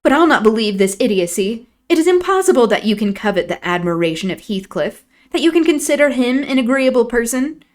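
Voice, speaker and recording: A woman reading aloud, voicing a proud, sharp-tongued young lady of the house in a raised, emphatic voice. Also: on the high side, very animated, brisk, hardly any pauses, voice pushed up. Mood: scornful. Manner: scornful, emphatic.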